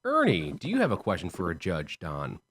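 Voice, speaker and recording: A man's voice: wildly swooping pitch, a little fast, a bit bright, husky. A man hosting a radio debate game show and refereeing it in a playful announcer style. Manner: playful announcer delivery, big swings in pitch. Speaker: host and referee.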